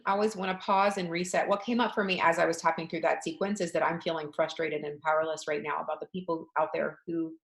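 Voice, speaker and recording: Low-voiced woman leading a tapping session. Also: fairly even intonation, quick pace, hardly any pauses. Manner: candid, talks through her frustration in repeated tapping phrases. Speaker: EFT tapping coach. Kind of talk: guided tapping session, talking through her feelings. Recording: echoey room.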